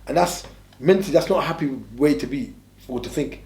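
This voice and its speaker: Speaking quickly and in slang, this English interview guest spins casual stories with repetitive, emphatic phrasing. His pitch is fairly high and his tone warm, recorded in an echoey room.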